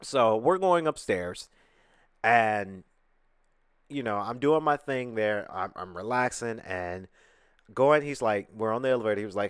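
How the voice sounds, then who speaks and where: A man's voice: on the low side, moderate pace, smooth, no echo, studio quality. A man from Atlanta, hosting a podcast and telling a story in casual chat, acting out what other people said. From Atlanta, USA. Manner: animated, acts out quoted people. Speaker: podcast host. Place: recording studio. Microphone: studio podcast mic.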